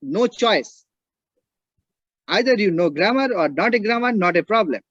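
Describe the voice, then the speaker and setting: A man's voice: high-pitched, lively intonation, moderate pace, fairly bright tone, dry recording. A man lecturing as a teacher and linguist, speaking. He keeps checking with the class and repeats his points for emphasis. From India. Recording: dull, dry lo-fi audio.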